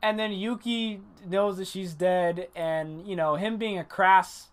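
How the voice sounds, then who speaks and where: On a livestream, a man casually reviews an anime episode, animated and profane, pausing to greet viewers and answer chat. His voice sits high and he keeps a measured pace.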